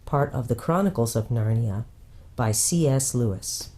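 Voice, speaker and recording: A woman pastor with a low, mellow voice reads a children's book aloud. Her storytelling is gentle and unhurried. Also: animated.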